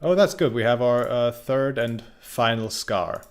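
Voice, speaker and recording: A man's voice: medium pitch, unhurried. A young man casually commenting on his gameplay, rambling and joking, with frequent restarts. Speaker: game streamer.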